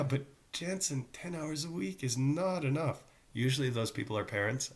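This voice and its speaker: A man's voice: on the low side, vocal fry. A middle-aged male teacher talking casually to his students, with joking asides. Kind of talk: casual recorded class talk.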